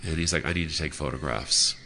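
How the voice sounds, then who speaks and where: A man sharing his personal story as a speaker at a convention, earnest and halting with frequent "uh" fillers. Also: rumbling low, vocal fry, pushed and bright, a little hiss or hum. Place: hotel convention room.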